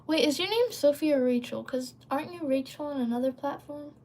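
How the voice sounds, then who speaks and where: A young-sounding woman with a slightly raised pitch talks casually to her livestream audience. She wanders off topic, fills pauses with ums and likes, and keeps pausing to respond to viewers' messages. It sounds like a device mic in a casual setup. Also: a little mellow. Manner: rambling, filler-heavy, often breaks off to read and answer chat. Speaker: livestream host.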